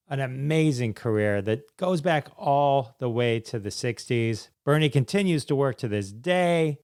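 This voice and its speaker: Upbeat male podcast host, smooth voice. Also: mid-range voice, no room sound, studio quality. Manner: upbeat, enthusiastic. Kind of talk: podcast intro and interview.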